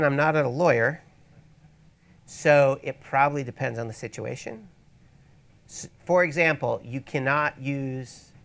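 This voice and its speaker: A man's voice: medium pitch, gravelly, a bit bright. A man presenting a photography workshop in a casual teaching style, with wry, rambling asides, speaking in an event space to an audience. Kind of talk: casual instructional talk.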